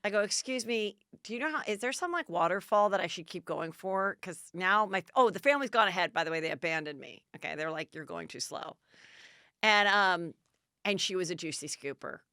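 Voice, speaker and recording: Chatty woman host, smooth dry voice. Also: medium pitch, expressive, brisk, sharp tone, no echo. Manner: chatty, acts out dialogue in bursts. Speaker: podcast host. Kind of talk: casual storytelling.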